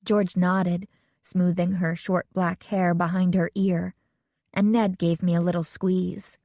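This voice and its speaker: A woman reading a first-person teen mystery audiobook in a clear, even storytelling voice. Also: lowish voice, slow pace, dry recording. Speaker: audiobook narrator. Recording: dry, close studio sound.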